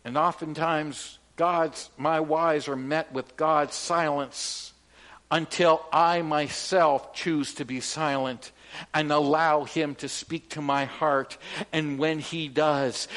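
A man's voice: on the high side, steady tone, slow, a bit bright. A man delivering a sermon as pastor, from Canada, emphatic and leading the congregation in call-and-response.

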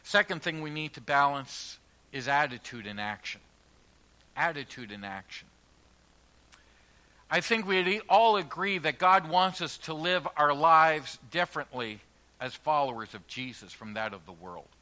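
A man preaching a sermon in a church, earnest and emphatic, slowing down to stress key phrases and letting line endings drop quietly. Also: fairly high pitch. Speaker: pastor.

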